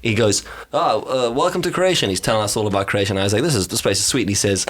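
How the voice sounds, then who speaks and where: A man's voice: fairly low pitch, steady tone, very fast, a little hiss or hum. A man from South Africa, co-hosting a podcast and telling stories in casual chat, who swears freely and acts out the voices of the people in his stories. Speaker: podcast co-host.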